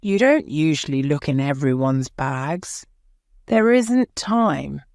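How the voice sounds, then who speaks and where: A woman's voice: deep voice, sing-song, slow, a little mellow, no echo, studio quality, exaggerated voice. A woman voicing a male defence lawyer who questions a witness firmly. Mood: probing. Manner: firm, probing questions.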